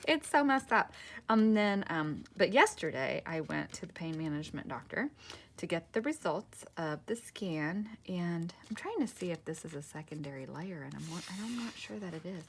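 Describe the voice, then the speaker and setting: A crafting vlogger with a low-side, husky, animated voice speaks at normal speed. Crafting at her table, she chats casually with viewers, rambling, cutting herself off and laughing often.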